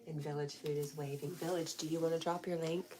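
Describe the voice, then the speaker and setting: A woman's voice: low-pitched, flat delivery, fairly quick, a little mellow, a little hiss or hum. A woman hosting a casual livestream, chatting, reading viewer comments aloud and cooing to her dog. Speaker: livestream host.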